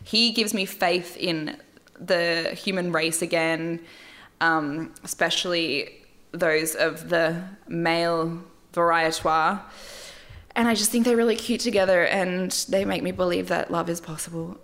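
A young woman recapping a reality show in a casual, chatty way, talking quickly, swearing and laughing often. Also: lowish voice, fairly bright tone.

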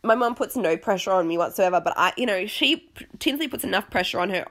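A woman's voice: medium pitch, expressive, fast talker, fairly bright tone. Young Aussie woman, casual recap host, rambling and self-deprecating, slightly sniffly voice. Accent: Australian. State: sniffly, voice failing.

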